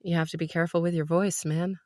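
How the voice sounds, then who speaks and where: A woman's voice: fairly low pitch, level tone, fast, mellow, dry recording, clean studio sound. A woman who narrates audiobooks, explaining her work in a practical, matter-of-fact way during a casual podcast chat.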